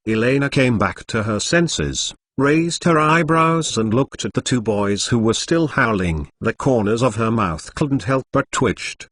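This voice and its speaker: Male narrator, steady scripted novel reading, animated pitch, dry sound. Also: a little slow, hardly any pauses, no echo.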